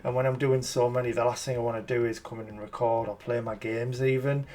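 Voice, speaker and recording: A chatty man hosts a relaxed chat at an ordinary, mid-range pitch. He rambles and restarts his sentences, keeping a joking, self-deprecating tone. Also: quick pace. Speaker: channel host. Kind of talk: casual chat.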